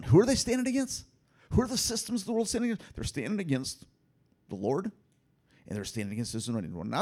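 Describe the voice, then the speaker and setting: Animated, husky-voiced man preaching. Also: medium pitch. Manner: animated preaching, swinging between loud emphasis and hushed asides. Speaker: pastor. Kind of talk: sermon.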